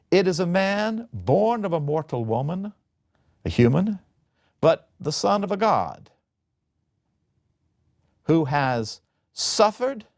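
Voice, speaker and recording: A man giving a lecture on a classic Greek play, telling the story in an animated, dramatic way. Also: on the high side, dry recording, clean studio sound.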